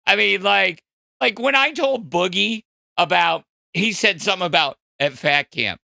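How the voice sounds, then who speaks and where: A man's voice: sits high, lively intonation, a little slow, gravelly, bright, forceful tone, dry recording, clean studio sound. A man hosting a podcast, ranting casually with lots of profanity, fillers and restarts. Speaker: podcast host. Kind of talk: casual crude podcast rant.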